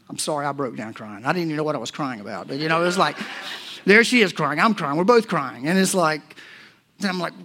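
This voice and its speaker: A pastor, a man in his forties or older, preaching a sermon and telling personal stories, swinging between hushed and loud moments. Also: fairly high pitch. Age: 40s or older.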